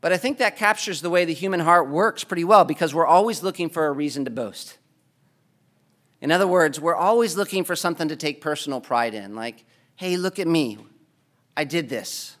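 Bright, high-voiced impassioned male preacher. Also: animated, a little fast. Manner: impassioned, rising to loud pleading climaxes. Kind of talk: sermon.

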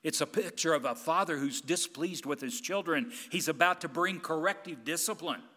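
Intense, bright-voiced male preacher. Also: fairly high pitch, normal speed. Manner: emphatic, intense, swings between loud and hushed. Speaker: pastor. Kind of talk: sermon.

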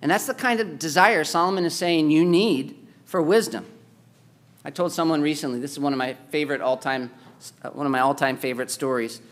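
A man preaching a sermon, swinging between loud, pressing exhortation and quiet, low-key storytelling. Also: brisk. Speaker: pastor.

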